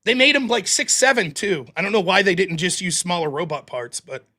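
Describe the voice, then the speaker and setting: A man hosting a live stream, reading viewer donations aloud and answering them with sarcastic jokes, dropping lower and quieter when he reads their messages. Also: a little fast. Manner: mocking, sarcastic humor. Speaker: livestream host reading super chats. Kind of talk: casual live-stream chat.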